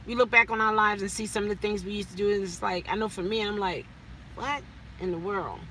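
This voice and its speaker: A woman talking casually in a parked car, telling stories in an animated, chatty way with plenty of fillers. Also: mid-range voice, quick pace, a little hiss or hum. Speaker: rideshare driver and vlogger. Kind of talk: casual chat.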